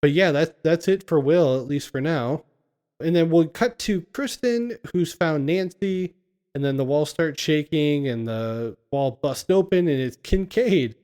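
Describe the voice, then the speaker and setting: A man's voice: a little high, lively intonation, unhurried, a little mellow, clear, resonant tone. A man casually recapping a film scene by scene on a podcast, laughing often as he retells it. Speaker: podcast co-host.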